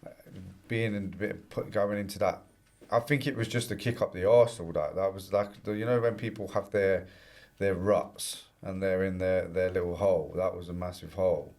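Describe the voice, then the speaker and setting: Deep-voiced man, halting reflection. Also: steady tone, a little mellow. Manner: halting, with restarts and informal slang. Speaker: podcast guest. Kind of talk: reflective interview answer.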